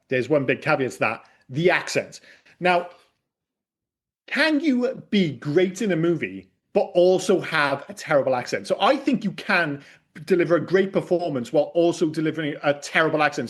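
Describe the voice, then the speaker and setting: A man co-hosting a film podcast, throwing out opinions with loose, sweary energy. His voice sits a touch high and swings widely as he argues his case. It sounds like a relaxed chat between friends. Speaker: podcast co-host. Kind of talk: casual film discussion.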